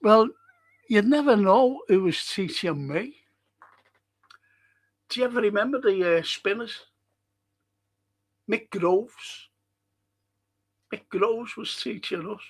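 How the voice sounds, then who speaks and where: An older Liverpool man in his sixties or beyond, rambling warmly through viewer comments on his livestream. He talks slowly and unhurriedly, his voice sitting a touch high for a man, and he breaks into sudden excited bursts. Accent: Liverpool (Scouse). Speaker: livestream host reading chat. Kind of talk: casual chat reading viewer comments.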